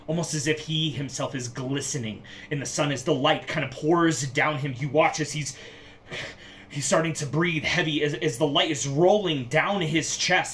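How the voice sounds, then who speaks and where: A man narrating a tabletop game as game master, describing scenes slowly and vividly. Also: on the high side, fairly bright tone, slight background noise.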